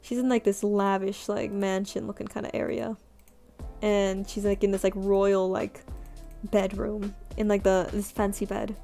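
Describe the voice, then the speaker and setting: A woman's voice: mid-range voice, flat delivery, unhurried, gravelly. A young woman streamer chatting casually while she draws, rambling and self-deprecating with many fillers. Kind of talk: casual chat while drawing. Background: soft background music.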